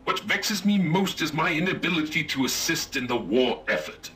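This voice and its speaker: An actor playing a pompous, old-fashioned robot ship captain who barks formal naval orders, in a video game. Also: male voice, sing-song, moderate pace, bright, forceful tone, a little hiss or hum. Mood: commanding. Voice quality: booming formal naval diction.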